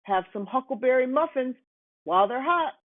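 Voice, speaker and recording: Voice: high voice, animated, moderate pace, no echo, voice pushed up. A reader voicing a kindly male hog baker in a storybook, speaking in an encouraging way. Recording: tinny phone-like, dry.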